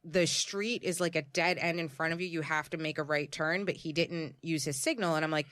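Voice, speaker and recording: A woman co-hosting a podcast, telling a story in an animated, chatty way. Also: sits low, fairly quick, no echo, studio quality. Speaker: podcast co-host. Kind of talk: casual chat.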